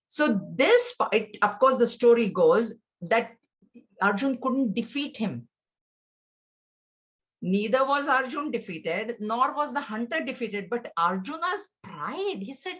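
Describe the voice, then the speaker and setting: A woman's voice: fairly high pitch, sing-song, unhurried. A woman teaching a scripture class, telling stories in a conversational way with fillers and restarts. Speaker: spiritual teacher. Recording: dull lo-fi recording.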